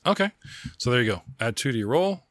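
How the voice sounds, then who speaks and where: A man's voice: medium pitch, very animated, fast, fairly bright tone, no echo, studio quality. A man hosting a podcast as game master, describing scenes in a chatty, rambling way. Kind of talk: running a tabletop game.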